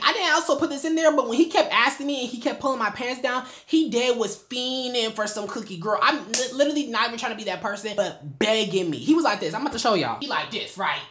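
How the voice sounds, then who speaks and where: A young woman chatting casually to her viewers in a storytime vlog, animated and full of slang, recorded indoors at home. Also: fairly high pitch. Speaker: storytime vlogger.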